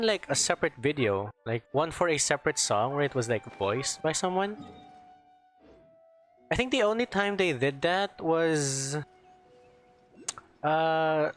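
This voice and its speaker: A man's voice: on the high side, a bit bright. A man streaming a game, chatting casually and rambling as he searches for words. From Philippines. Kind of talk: casual gameplay chat.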